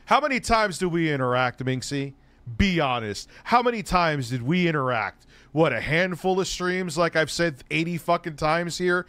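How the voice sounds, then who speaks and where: Man streamer, profane and sarcastic reactor, lively intonation, dry sound. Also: a little high, normal speed, no room sound. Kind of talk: livestream reaction commentary.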